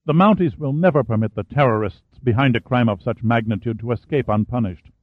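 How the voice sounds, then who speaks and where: A man's voice: mid-range voice, brisk, no echo, natural voice. A man voicing an earnest English-Canadian deputy prime minister, anxious and protesting. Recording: phone-like narrow band, dry.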